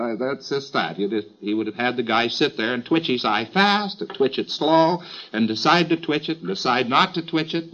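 A man's voice: mid-range voice, a bit bright, muffled recording. A man giving an informal lecture in a wry, chatty way, with emphatic asides.

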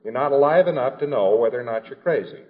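A man's voice: mid-range voice, lively intonation, fast talker. Man lecturing on dull lo-fi tape. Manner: conversational, wry storytelling with acted quotes. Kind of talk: informal lecture.

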